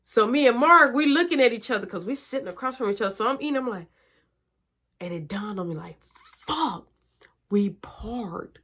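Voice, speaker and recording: A woman telling a personal story in a casual vlog, slangy, animated and profane. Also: fairly high pitch, fast.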